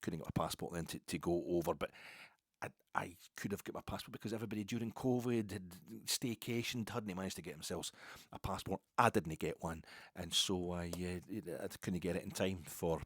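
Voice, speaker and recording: Low-voiced Scottish man in his fifties. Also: brisk, fairly bright tone, no room sound, studio quality. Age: 50s. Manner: rambling, self-interrupting storyteller. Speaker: podcast host. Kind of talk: casual podcast monologue.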